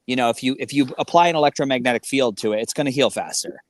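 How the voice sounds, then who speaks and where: A man talking as a guest in a casual conversation, an animated and rambling storyteller. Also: medium pitch, fast talker. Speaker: podcast guest.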